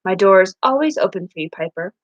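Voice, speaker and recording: A woman's voice: medium pitch, lively intonation, quick pace, dry recording, dull audio, close to an everyday voice. A woman doing a kind, reassuring woman doctor.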